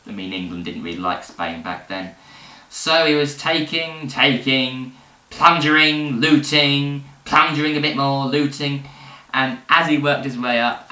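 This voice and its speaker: A man presenting history in casual educational storytelling, animated and rambling, with fillers and jokes. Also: medium pitch. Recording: roomy, distant mic.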